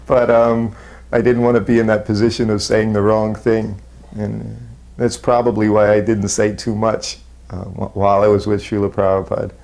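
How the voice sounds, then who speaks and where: A man unhurriedly recalling his years as a disciple, self-deprecating and chuckling softly. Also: on the low side, little pitch movement, creaky. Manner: unhurried, self-deprecating storytelling with soft laughs. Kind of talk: spoken reminiscence.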